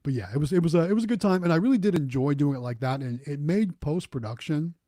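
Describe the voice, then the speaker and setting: Fast-talking man with a dark, dry voice. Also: on the high side, expressive, dry recording. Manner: quick, chatty, lots of fillers. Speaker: vending business YouTuber, co-host. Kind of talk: casual livestream chat.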